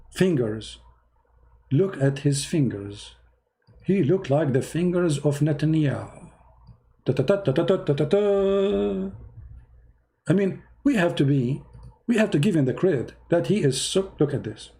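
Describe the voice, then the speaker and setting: A man's voice: fairly high pitch, lively intonation, moderate pace, warm tone. A man giving mocking, emphatic religious commentary in non-native English, full of sarcasm. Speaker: religious debater.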